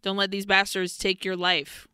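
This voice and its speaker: A woman co-hosting a podcast, recapping a horror film in a profane, animated, casual way. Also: medium pitch, normal speed, clean tone, no room sound. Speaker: podcast co-host.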